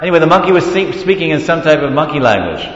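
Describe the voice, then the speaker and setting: A man giving a devotional scripture class, reading passages and retelling stories in an animated way. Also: fast talker. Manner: storytelling, switches between reading and animated retelling. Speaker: lecturer on scripture. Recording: echoey hall, dull low-fi sound.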